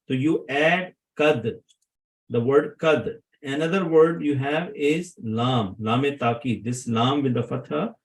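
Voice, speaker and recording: A man's voice: mid-range voice, poor audio. A man teaching Arabic grammar to a class, often asking his students questions to check they follow.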